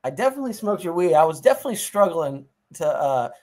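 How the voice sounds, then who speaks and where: A man's voice: on the high side, very animated, fast, darkish tone. A man hosting a fantasy football watch party, talking casually, profanely and jokingly with a friend.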